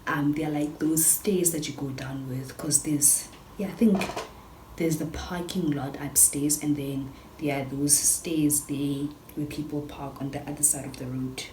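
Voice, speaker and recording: A young South African woman with a South African accent, telling a storytime in a chatty, animated vlog style full of fillers and switches between English and Sesotho. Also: sits low, measured pace. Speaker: YouTuber. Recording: echoey room with background noise.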